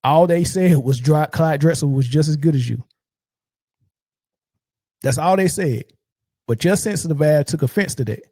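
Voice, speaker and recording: A man hosting a sports commentary show, ranting in a mocking, profane and animated way. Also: on the high side, moderate pace, long pauses, no echo.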